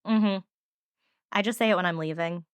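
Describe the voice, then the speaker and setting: A woman's voice: fairly low pitch, moderate pace, clear, resonant tone, no room sound. A woman from Northern Virginia co-hosting a podcast, trading easygoing, playful banter. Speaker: podcast co-host. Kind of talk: casual chat.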